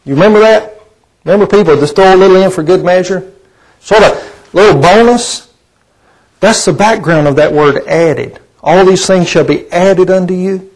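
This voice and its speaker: Folksy preacher man, slightly high voice. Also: poor audio. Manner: asks the congregation rhetorical questions; conversational, folksy preaching with fillers. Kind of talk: sermon.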